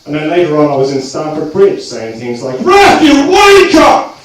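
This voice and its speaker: A man's voice: on the high side, brisk. A man from South Dublin with a Dublin accent doing a stand-up set, talking hesitantly with many ums and uhs. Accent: Dublin Irish. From South Dublin, Ireland. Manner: hesitant, lots of ums and uhs, slips into mock-posh voices. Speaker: stand-up comedian. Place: comedy club stage. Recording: echoey room, mic far, noisy. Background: audience laughter.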